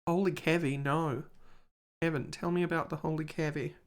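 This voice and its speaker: A woman's voice: low-pitched, fairly even intonation, moderate pace. A woman streaming a game live, chatting casually and thinking aloud to her viewers.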